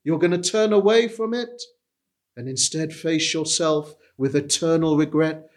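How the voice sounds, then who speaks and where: A man's voice: fairly high pitch, a little slow. A man preaching a sermon, earnest and pleading, repeating key phrases for emphasis. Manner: earnest, repetitive pleading delivery.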